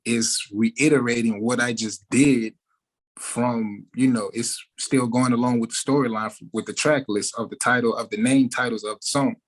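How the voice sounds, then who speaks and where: A man's voice: medium pitch, moderate pace, rough recording. Guy in an interview, chill and rambly, lots of "like" and "you know". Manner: relaxed, laid-back, full of fillers like "like" and "you know". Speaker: musician, interview guest. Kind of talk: casual interview talk.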